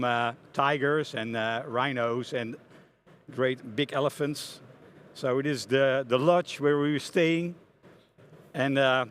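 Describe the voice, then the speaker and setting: A middle-aged man with a Dutch accent speaks from a conference stage. His voice sits somewhat high for a man. He tells his story in an animated way, stopping often to restart his sentences. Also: smooth. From Netherlands. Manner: animated, many hesitations and restarts. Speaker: conference speaker, front-end architect.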